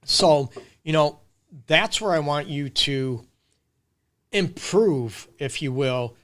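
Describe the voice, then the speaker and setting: A middle-aged man hosts a relationship-advice Q&A on a live stream, casual and emphatic, speaking straight to the audience. He sounds a little high, animated, and a bit bright, moving at a slow pace.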